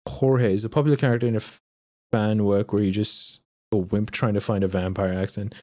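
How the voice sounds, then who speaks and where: A young man livestreaming, chatting casually and excitably with viewers and reading chat aloud. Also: on the low side, fairly quick. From Australia.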